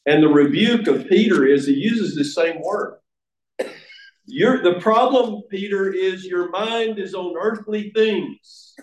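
A man delivers a sermon in an earnest, emphatic way, restarting a phrase now and then. His voice sits a little high for a man. The sound carries the echo of a roomy church sanctuary. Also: slow pace. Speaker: preacher. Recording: echoey church room.

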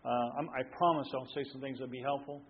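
A man's voice: medium pitch, fairly even intonation, fast talker. A man preaching a sermon, telling stories in a folksy way with many fillers and restarts. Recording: dull lo-fi sound with faint room noise.

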